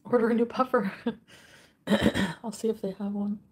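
A woman's voice: medium pitch, level tone, normal speed, breathy edge. A woman live streaming, reading out viewer comments in an emotional way and swearing often.

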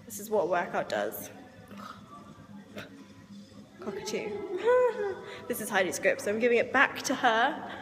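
A woman's voice: a little high, huge pitch swings, moderate pace, fairly bright tone, faint music behind. A young woman chatting casually in a daily vlog, tired and a little out of breath, laughing often. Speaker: vlogger.

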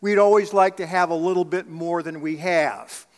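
A man's voice: sits high, moderate pace. A man preaching a sermon as pastor, earnest, asking the congregation rhetorical questions. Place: church sanctuary. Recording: long reverb of a church sanctuary.

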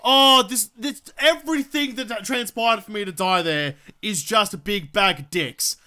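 Bright high-voiced man ranting profanely. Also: moderate pace. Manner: heavy swearing, exasperated ranting; talks to game enemies. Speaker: gaming video creator. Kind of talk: let's play commentary.

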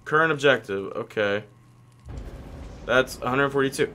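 A man's voice: mid-range voice, animated, slow, pushed and bright, slight background noise. A man casually commenting on his own gameplay as a video host, rambling and talking to himself, with a cracky voice that breaks now and then. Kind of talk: casual let's-play commentary.

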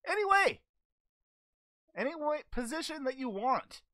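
Doing a full character voice of Goku, a cheerful, naive male alien martial-arts hero, a woman hosts an in-character fan Q&A for her channel. She is goofy and scatterbrained, stumbling over many ums, her fairly high, bright voice swooping in big pitch swings at a slightly slow pace. The recording is dry and close, with no room sound at all.

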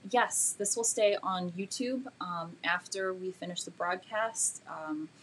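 A woman teaching a live painting demo and answering viewers' questions, chatty and self-deprecating, with many fillers, talking gently while she works. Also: lowish voice, a little hiss or hum. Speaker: art instructor.

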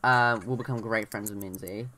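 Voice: mid-range voice, fairly even intonation, normal speed, background noise. A young adult chatting casually through a life-sim playthrough, rambling, talking to the game characters and often trailing off mid-sentence. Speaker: let's play gamer. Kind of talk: casual gameplay commentary.

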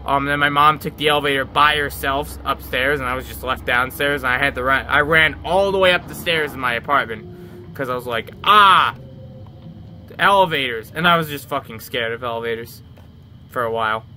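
A man's voice: mid-range voice, fairly even intonation, fairly quick, sharp tone, a little hiss or hum. A man giving casual gameplay commentary, rambling and swearing freely. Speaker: let's play gamer.

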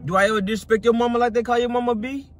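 A man's voice: extremely high pitch, very fast, faint music behind. A young man, talking casually in a car, repeating himself as he scolds. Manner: repeats himself, calm-down pleading then scolding. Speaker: prank target, boyfriend. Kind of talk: casual chat.

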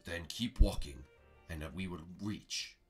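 A man's voice: low-pitched, measured pace, slightly rough, faint music behind, voice pushed down. A man voicing a pompous old male mystic master who speaks in a grand, archaic way in a role-play comedy. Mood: solemn.

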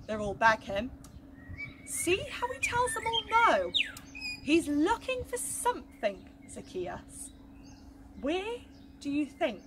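A woman reading a rhyming Bible story aloud to children, slow, gentle and expressive, with loud background noise and birdsong. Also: sits high.

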